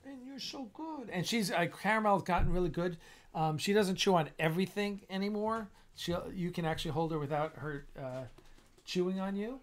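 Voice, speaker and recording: A man's voice: high voice, a little fast. Tired, blunt man hosting a live chat. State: tired and yawning. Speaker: host of a live stream. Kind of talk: casual live-stream chat.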